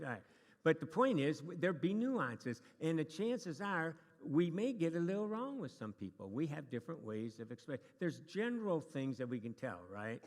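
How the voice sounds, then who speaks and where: A man teaching a church class to a live group, chatty and joking, with many restarts. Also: fairly high pitch. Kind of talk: casual lesson to a live group. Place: church meeting room. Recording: long reverb of a hall.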